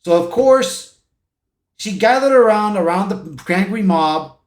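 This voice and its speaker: A man's voice: high-pitched, expressive, measured pace. A man casually recapping a film plot in a rambling way, with frequent restarts. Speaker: movie reviewer. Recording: echoey room.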